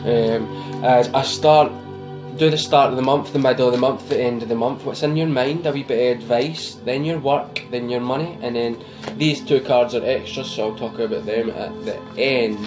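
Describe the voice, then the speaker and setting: A man's voice: mid-range voice, moderate pace. A man with a Scottish accent giving a casual, rambling tarot reading to camera, teasing his viewers and laughing at himself. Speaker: tarot reader. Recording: music playing behind.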